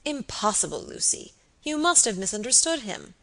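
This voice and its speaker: A woman's voice: on the high side, sing-song, moderate pace, a bit bright, pitched above the performer's own voice. A woman reading the part of a fond, anxious elderly baronet, with earnest, affectionate pleading. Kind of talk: audiobook character reading.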